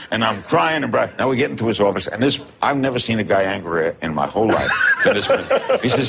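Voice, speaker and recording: Older New York man, gravelly, animated anecdote teller. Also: lowish voice, brisk, noisy background. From New York City. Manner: animated storytelling, laughing often. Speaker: storyteller. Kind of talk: comic anecdote, archive clip.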